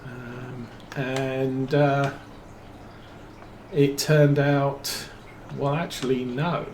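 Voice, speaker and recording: Slow, rambling man in an echoey room. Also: mid-range voice, level tone, darkish tone, a little hiss or hum. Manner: rambling, hesitant, many fillers and restarts. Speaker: streamer. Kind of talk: casual storytelling while playing a farming game.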